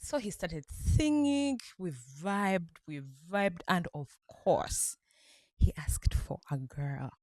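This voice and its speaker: Ugandan woman vlogging, super animated, lowish voice, dry close sound. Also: slow pace, dry recording. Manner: excited, laughing, animated retelling. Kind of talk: casual storytelling vlog.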